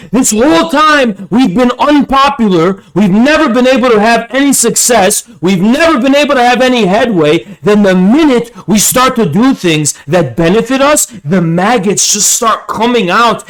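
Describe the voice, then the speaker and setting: A man hosting a livestream, ranting heatedly and with a lot of profanity, his pitch swinging up and down. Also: fairly bright tone, low-quality recording. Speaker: streamer host.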